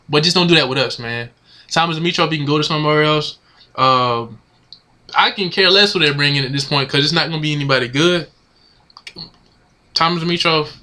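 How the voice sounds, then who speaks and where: A man's voice: on the high side, pushed and bright. A man ranting casually to his camera as a sports fan, exasperated and slangy, repeating himself. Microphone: camera mic.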